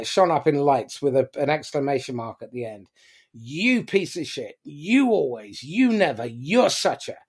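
A man giving a blunt, animated motivational talk to a business audience, swearing casually as he goes. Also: mid-range voice. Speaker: business speaker.

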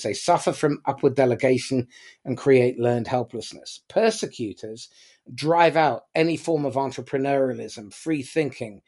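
A man giving a blunt, animated motivational talk to a business audience, swearing casually as he goes. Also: medium pitch. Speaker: business speaker.

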